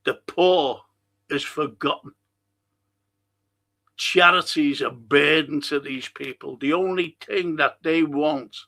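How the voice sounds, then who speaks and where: Slow, gravelly Liverpool man ranting. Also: on the high side, bright, forceful tone. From England. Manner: blunt, indignant, swears freely. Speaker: host of a live talk stream. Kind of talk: rambling monologue reading viewer comments.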